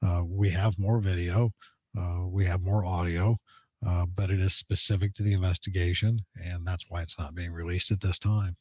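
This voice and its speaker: A middle-aged police spokesman with a fairly low voice talks as a guest on a radio show. He explains things earnestly and patiently, with plenty of "uh" fillers between thoughts. The sound is close and dry. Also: flat delivery, normal speed, darkish tone, dry recording. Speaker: police public information officer.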